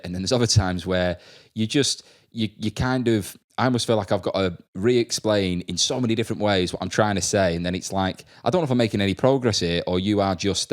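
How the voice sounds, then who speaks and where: A man's voice: low-pitched, clear, resonant tone. A young man hosting a podcast, chatting casually and laughing as he tells stories about working with kids. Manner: laughs often, acts out kids' voices. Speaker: podcast host and school staff member. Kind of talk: casual chat, telling anecdotes.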